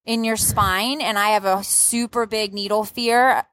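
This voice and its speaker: A young adult woman telling her birth story in a casual, lively way, acting out what she said back then. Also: mid-range voice, unhurried, no room sound, clean studio sound. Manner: lively storyteller who acts out her own past outbursts.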